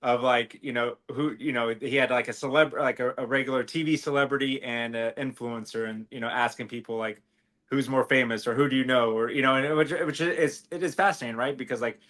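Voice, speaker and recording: Fairly quick and fairly bright, a mid-range steady male voice co-hosts a casual podcast. His talk meanders, packed with fillers and false starts.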